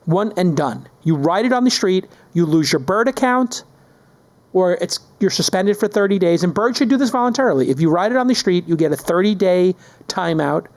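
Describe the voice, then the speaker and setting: A man hosting a podcast in casual chat, animated and joking, ranting with mock outrage. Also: high voice, normal speed. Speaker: podcast host.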